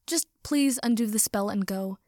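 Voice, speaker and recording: A woman reading a story aloud and voicing a wry, soft-spoken young man who teases gently, close to her own voice. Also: mid-range voice, normal speed, no room sound, natural voice.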